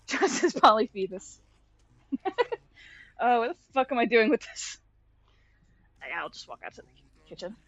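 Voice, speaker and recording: Drawing on stream, a young woman keeps up easygoing chatter with her cat, cursing freely and laughing a lot. Her voice is a little high with big swings in pitch, at a normal speed with frequent pauses, and the audio is dull with no echo.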